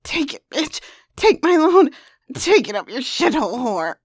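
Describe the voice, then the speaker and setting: A woman's voice: high-pitched, sing-song, a little slow, fairly bright tone, husky, no room sound, clean studio sound, pitched below the performer's own voice, exaggerated voice. A woman voicing a growling, domineering man. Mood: commanding. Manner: growled crude commands.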